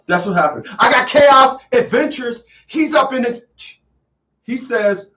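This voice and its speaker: A man's voice: high voice, very animated, a little slow, long pauses, fairly bright tone, far from the mic, muffled recording. A man hosting a call-in show, lecturing emphatically and repeating lines for effect. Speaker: radio call-in host. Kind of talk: preachy call-in commentary.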